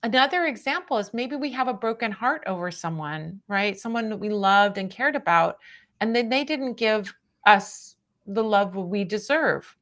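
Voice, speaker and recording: A middle-aged woman giving a casual tarot reading on a livestream, chatty and animated, often adding "right?" and laughing. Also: mid-range voice, moderate pace. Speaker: tarot reader.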